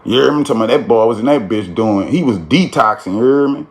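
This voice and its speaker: A man's voice: medium pitch, lively intonation, fast talker. A man telling a street story in a casual, slangy way, with frequent "you feel me" tags.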